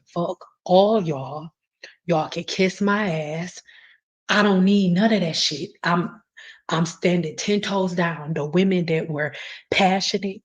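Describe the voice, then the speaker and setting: Passionate, low-voiced woman, blunt and profane, hosting a live stream over muffled audio. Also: darkish tone. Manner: blunt, passionate, swears freely. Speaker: hair care host answering live chat. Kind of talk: casual live stream chat.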